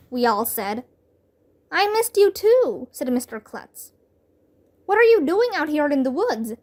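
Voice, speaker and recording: A woman whose first language is Vietnamese reading a children's chapter book aloud in a clear, lively storytelling manner. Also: sits high. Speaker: reader.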